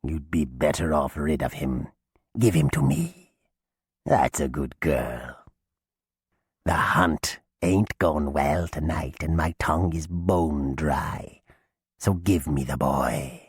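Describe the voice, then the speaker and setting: Guy doing a croaky dead old witch, super deep husky voice, drags every word out, creepy storybook hag. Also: no room sound, studio quality, full character voice. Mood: menacing, hungry. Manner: slow, drawling, menacing rustic speech. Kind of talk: audiobook character voice.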